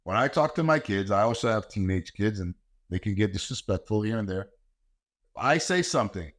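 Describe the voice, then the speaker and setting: A man's voice: on the low side, expressive, normal speed. A middle-aged man hosting a podcast, talking in a blunt, heated and profane monologue about raising kids. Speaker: podcast host and martial arts coach. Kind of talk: ranting monologue.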